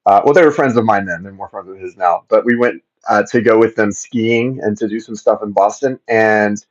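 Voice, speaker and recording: Streaming tarot readings indoors at home, this Florida man keeps things casual, rambling, repeating himself, and welcoming viewers by name. He speaks at a normal speed in a fairly low voice, over slightly dull livestream audio.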